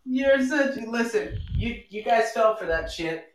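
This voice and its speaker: A man's voice: very high-pitched, lively intonation, measured pace, roomy sound, a little hiss or hum. Man, 40s, live chat guest, teasing and jokey. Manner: teasing, joking, provocative. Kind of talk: casual chat.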